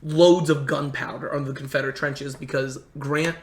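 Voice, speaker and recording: A man in casual conversation telling history stories in a halting way, full of restarts. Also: mid-range voice, steady tone, a little hiss or hum. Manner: rambling, halting history storyteller with many restarts. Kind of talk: casual storytelling chat. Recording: echoey room.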